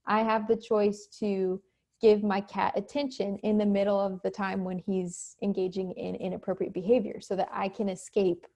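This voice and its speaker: Female instructor with a warm, relaxed tone, recorded at home on a computer mic, acting out short examples. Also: medium pitch. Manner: conversational, acts out quick examples. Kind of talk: recorded online lecture. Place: home, cat nearby.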